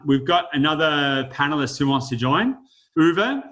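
A man's voice: fairly high pitch, animated, moderate pace, fairly bright tone, poor audio. A man hosting an online panel, talking in a rambling, reflective way with many fillers. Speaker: host of an online panel discussion. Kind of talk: casual panel chat.

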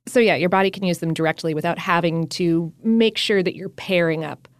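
A woman's voice: on the low side, fairly quick. A woman co-hosting a casual podcast, talking in a chatty, upbeat way. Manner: chatty and upbeat, with frequent fillers and laughs. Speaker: podcast co-host.

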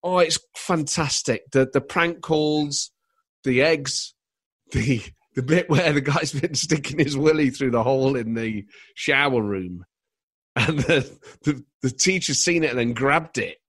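A man's voice: medium pitch, measured pace, fairly bright tone. A man, a stand-up comedian guest on a podcast, chatting casually and laughing often as he tells enthusiastic stories.

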